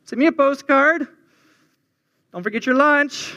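A man voicing God as a doting, fussy mother with a Minnesotan accent, higher than his own voice. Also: unhurried, sharp tone, heavily acted. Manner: fussy, doting send-off chatter. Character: God as a fussing Minnesotan mom.

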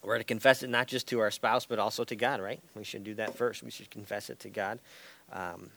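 A man's voice: lowish voice, steady tone, fairly quick, creaky, sharp tone, no room sound. A man teaching an interactive Bible study class in a church room. He tags his points with "right?" and light chuckles.

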